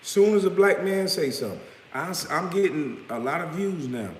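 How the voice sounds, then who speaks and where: A man delivering a blunt, profane, confrontational rant straight to camera, now and then breaking into loud outbursts. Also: fairly high pitch, expressive, moderate pace. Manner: smoking hookah while talking. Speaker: vlogger responding to critics. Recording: roomy echo with long reverb, faint background noise.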